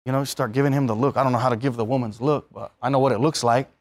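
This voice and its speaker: A man's voice: medium pitch, steady tone, very fast. A man preaching a sermon, telling everyday stories and acting out the voices of the people in them. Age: adult, married.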